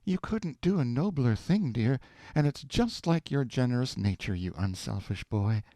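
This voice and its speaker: A man reading aloud, voicing a prim, thrifty wife who speaks gently and reprovingly. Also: mid-range voice, expressive, moderate pace, dry recording, voice pushed up, natural voice. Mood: calm.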